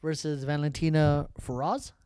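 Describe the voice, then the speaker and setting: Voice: medium pitch, fairly even intonation, normal speed, warm tone, smooth, dry recording, clean studio sound. A podcast co-host in casual chat, playful and teasing, laughing a lot.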